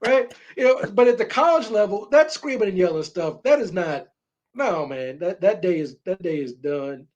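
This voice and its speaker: Animated high-voiced man, emphatic. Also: normal speed, muffled recording. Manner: emphatic and animated, repeats words when fired up. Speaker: sports radio co-host. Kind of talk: casual sports talk.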